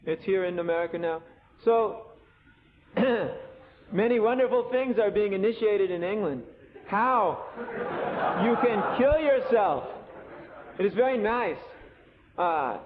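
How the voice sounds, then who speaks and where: Brief: high-pitched male monk preaching, sarcastic and animated, old tape with faint hiss. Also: narrow, tinny audio. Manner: animated storytelling, sarcastic asides. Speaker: monk giving a scripture lecture. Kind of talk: sermon. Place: temple lecture hall.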